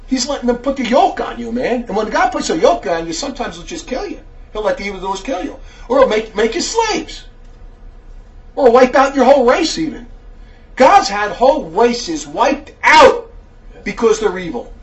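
High-voiced man berating a viewer. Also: big pitch swings, normal speed, far from the mic. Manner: berating, preachy, repeats taunts like "buddy boy". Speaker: religious commentator. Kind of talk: angry monologue addressed to a viewer.

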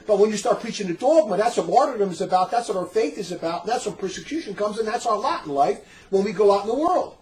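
A middle-aged man with a rather high voice tells a story in casual conversation. He is animated and laughs often. He slips into the voices of the people in his tale. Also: quick pace, few pauses, low-quality recording. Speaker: storyteller in a religious talk recording.

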